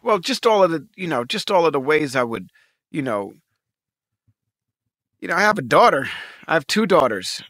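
A man in his forties co-hosts a casual podcast chat, his voice bright and a touch high for a man. He talks animatedly and swears freely, stacking repeated words when worked up. The sound is close and dry. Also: big pitch swings, moderate pace, pauses often, dry recording. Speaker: podcast co-host.

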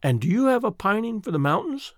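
A woman's voice: mid-range voice, sing-song, a little fast, no echo, studio quality, pitched above the performer's own voice. A man voicing a tremulous old countrywoman. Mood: wistful. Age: older. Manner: rustic folksy speech, tremulous and sobbing. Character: timid, tearful old countrywoman going blind.

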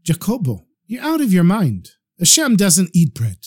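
A man's voice: high-pitched, wildly swooping pitch, normal speed, a little mellow, husky, pitched above the performer's own voice, full character voice. A man voicing an indignant old rabbi who scolds and scoffs. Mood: scoffing. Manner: scolding, exasperated.

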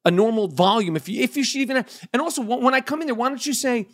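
A man in his fifties hosting a podcast, ranting loudly with lots of swearing in casual chat. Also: very high voice, expressive, fast talker. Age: 50s. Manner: loud, profane and ranting. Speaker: podcast host.

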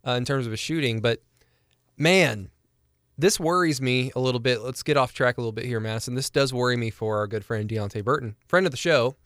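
Smooth-voiced man talking sports. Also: medium pitch, fairly quick, fairly bright tone, no room sound, studio quality. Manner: chatty and analytical, laughs easily. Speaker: sports podcast co-host. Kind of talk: casual sports talk.

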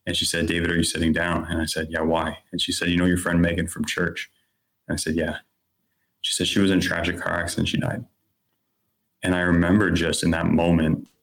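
A man in his thirties with a deep, low-pitched voice, sharing his own story as a guest on a podcast. He talks in an earnest, candid, conversational way, peppered with casual fillers. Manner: earnest, candid, lots of "like" and "you know".

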